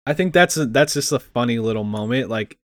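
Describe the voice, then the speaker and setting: A young man casually recapping a movie scene by scene, animated and laughing as he acts out the lines. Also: mid-range voice, fairly quick, no room sound, studio quality. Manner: laughing, animated retelling with acted quotes.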